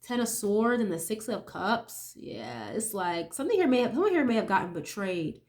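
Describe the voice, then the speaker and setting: A young woman with a medium-pitched, very animated, slightly mellow voice speaks at a normal speed. She's a tarot reader giving a casual reading, chatty and sniffly while recovering from a cold. She swears casually and keeps checking in with "okay?"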